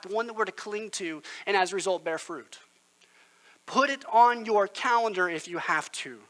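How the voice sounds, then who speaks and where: A male pastor preaches a sermon, telling stories in an earnest, conversational way. His voice sits high and sounds bright and forceful. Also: rough recording.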